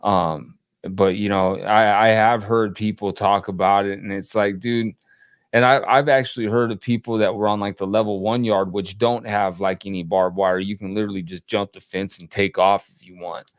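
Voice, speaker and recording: A man with a lowish voice talks through his memories in a casual chat. He stops and restarts often, repeating words and padding with fillers. The sound is dry and close. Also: fairly even intonation, moderate pace, dry recording. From California. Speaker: guest. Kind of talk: casual conversation.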